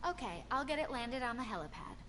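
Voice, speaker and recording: A polite game assistant. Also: female voice, a little high, lively intonation, fast, fairly bright tone, slight background noise. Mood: helpful. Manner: polite, helpful.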